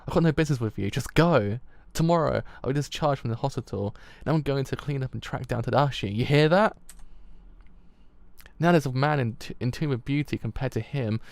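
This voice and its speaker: A man's voice: medium pitch, brisk, vocal fry, no echo, close to an everyday voice. A man with a British accent voicing a young woman who has turned vain and cruel, in a haughty, sneering way. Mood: scornful.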